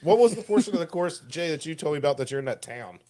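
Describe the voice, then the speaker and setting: A man's voice: fairly high pitch, lively intonation, quick pace, warm tone. Curious male co-host asking questions. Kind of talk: casual chat.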